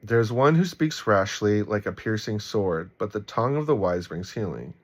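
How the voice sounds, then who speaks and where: Low-voiced man giving casual Bible commentary. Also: moderate pace. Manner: relaxed and rambling, with frequent ums and likes; warm, encouraging tone.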